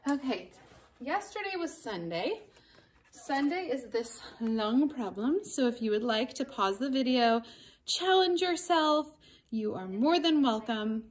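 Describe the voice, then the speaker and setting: Woman teacher, recorded kids' math lesson, slow, gentle, playful delivery. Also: high voice, animated, a little hiss or hum. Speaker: elementary school teacher.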